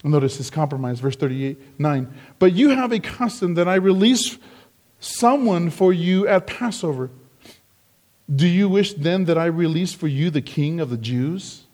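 A man with a fairly high voice preaching a verse-by-verse sermon. He speaks slowly and deliberately, leaning into emphatic lines when he quotes the crowd. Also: lively intonation, darkish tone. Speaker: pastor. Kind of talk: expository sermon.

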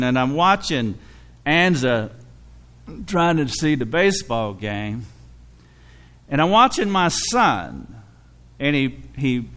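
Middle-aged male pastor, heartfelt sermon, tearful and warm with laughter. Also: medium pitch. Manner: emotional, tearful storytelling with frequent laughs. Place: church.

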